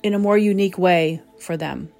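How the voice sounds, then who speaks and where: A woman hosting a reflective spoken talk as a medium, gentle and pausing to search for the right words. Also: fairly low pitch, vocal fry, faint music behind. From southern New England. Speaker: psychic medium, host.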